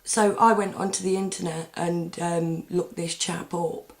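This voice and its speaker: Woman, chatty vlog monologue, lower-pitched, rambling delivery with many fillers. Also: steady tone, measured pace, creaky. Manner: chatty, meandering, with frequent ums and restarts. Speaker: vlogger.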